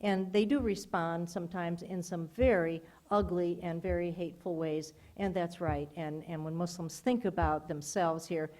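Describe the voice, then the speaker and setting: Older woman, lecture Q&A, thoughtful, measured, pausing. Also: lowish voice, steady tone, a little mellow. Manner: measured, thoughtful, with frequent "uh" fillers. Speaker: guest speaker answering questions. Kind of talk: lecture Q&A answers.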